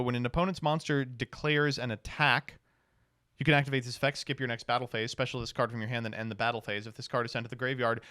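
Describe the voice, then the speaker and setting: A streamer reading card text aloud in a casual review, stopping for blunt, swearing reactions. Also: male voice, medium pitch, bright, forceful tone, dry recording, clean studio sound.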